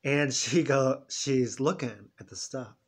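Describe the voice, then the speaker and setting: A vlogger in his fifties tells a heartfelt, emotional story from his own life, wandering off track and voicing his own thoughts as quotes. His medium-pitched voice is slow and carries a breathy edge.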